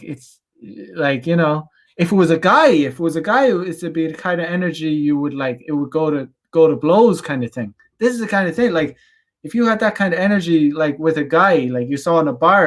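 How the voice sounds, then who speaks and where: A young adult man from Ireland, ranting in a rambling, blunt, profane way on a casual livestream and reading out chat comments. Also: on the high side. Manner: rambling, many restarts and fillers, blunt and profane. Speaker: channel host.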